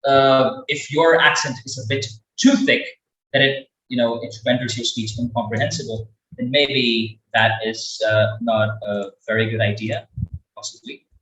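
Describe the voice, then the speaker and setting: A man with a medium-pitched, steady, fairly bright voice speaks at a normal pace, giving a webinar talk on English accents. He rambles, using lots of fillers and repeating words. The room echoes and he sits far from the mic.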